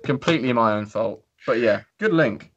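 A man's voice: mid-range voice, lively intonation, moderate pace, lo-fi sound. A man co-hosting a podcast, chatting casually in a sweary, self-mocking, rambling way. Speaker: podcast co-host. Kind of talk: casual chat.

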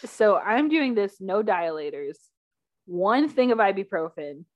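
A young woman hosting a podcast, casually telling a personal story with lots of laughter and loudly acted-out quotes. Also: medium pitch, unhurried, muffled recording. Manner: animated, laughs often, acts out quotes loudly. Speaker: podcast host.

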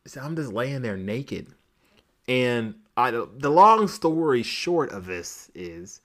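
Bright-voiced man telling a crude story. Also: mid-range voice. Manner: crude, laughing storyteller who acts out voices. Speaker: podcast co-host. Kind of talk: casual podcast chat.

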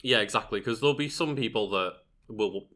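A man's voice: fairly low pitch, brisk, fairly bright tone. A man chatting casually on a podcast, reasoning aloud with many fillers. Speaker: channel editor, co-host.

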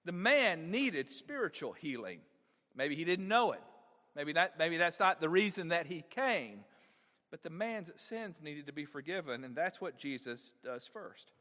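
Male pastor, high-pitched and animated, asks the room questions; big church reverb. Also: unhurried. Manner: engaging, asks the congregation frequent rhetorical questions. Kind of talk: sermon.

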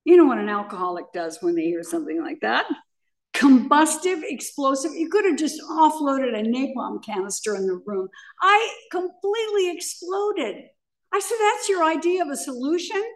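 A woman's voice: high-pitched, big pitch swings, moderate pace, far from the mic. An older woman sharing her personal recovery story at a meeting, telling it dramatically with vivid repetition. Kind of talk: personal testimony.

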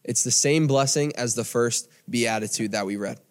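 A man's voice: mid-range voice, moderate pace, hardly any pauses. An American man preaching a podcast sermon in an earnest way, often repeating phrases and restarting sentences. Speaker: pastor.

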